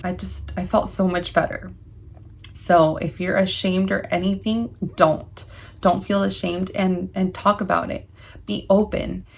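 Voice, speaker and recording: A woman in her twenties sharing a personal story in a candid vlog, earnest and confiding, at times halting with emotion. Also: mid-range voice, little pitch movement, gravelly, breathy edge. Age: 20s. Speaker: vlogger.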